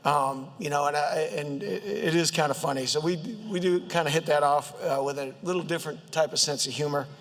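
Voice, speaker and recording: High-voiced Southern man joking at a podium. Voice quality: high, squeaky voice. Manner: halting, many fillers, joking. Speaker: state legislator introducing a colleague. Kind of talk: humorous floor speech. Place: state house chamber. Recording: long reverb of a legislative chamber.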